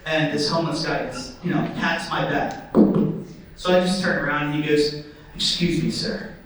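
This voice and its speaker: A man's voice: a little high, steady tone, moderate pace, fairly bright tone, slight background noise. A young man doing stand-up comedy, telling stories in a casual, rambling way. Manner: casual, storytelling, filler-heavy. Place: theatre stage. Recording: echoey theatre, voice from a distance.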